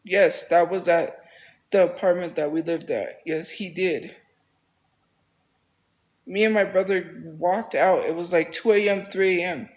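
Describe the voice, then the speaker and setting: A man with a notably high-pitched voice, talking casually on a livestream. He rambles and circles back, repeating phrases for emphasis. His tone stays heated and defensive. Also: fairly even intonation, measured pace, pauses often, darkish tone, low-quality recording.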